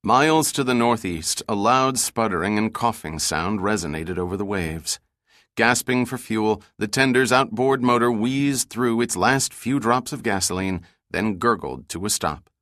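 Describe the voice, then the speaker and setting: A man giving measured, scripted audiobook narration of an adventure novel. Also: lowish voice, dry recording, studio quality. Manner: even, measured storytelling.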